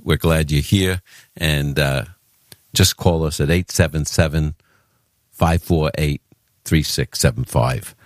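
A man with a New York accent hosts a call-in radio show in a chatty, loose way. His voice is very low and sits close in a dry studio. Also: slow, pauses often, no room sound. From Brooklyn, New York. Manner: chatty, with fillers and restarts. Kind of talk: casual talk radio. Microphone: studio microphone.

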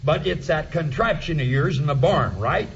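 Brief: high, animated, indignant rural lawman, folksy and blustering. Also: normal speed, slight background noise. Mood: exasperated. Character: gruff irritable rural male sheriff, accused of theft. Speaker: sheriff. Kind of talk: audio drama acting. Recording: slightly dull audio drama recording.

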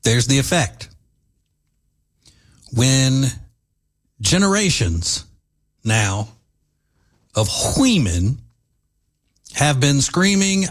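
A man's voice: medium pitch, very animated, drawn-out words, long pauses. A middle-aged man hosting an opinionated talk show, sarcastic and emphatic. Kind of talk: opinionated radio commentary.

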